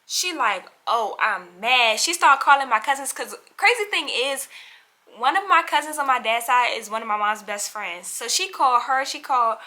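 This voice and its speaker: A young woman telling a storytime vlog to her viewers in an animated, chatty way, acting out what other people said. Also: high voice, moderate pace. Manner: acts out other people's lines in quotes. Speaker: vlogger.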